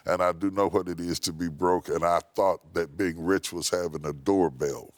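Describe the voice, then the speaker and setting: A man who is a bishop, speaking in a low, grounded voice. He tells his story with emphatic, preacherly force and leans hard on key words. The sound is close and dry, with no room around it. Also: fairly even intonation, normal speed, no room sound. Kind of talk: interview storytelling. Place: TV studio.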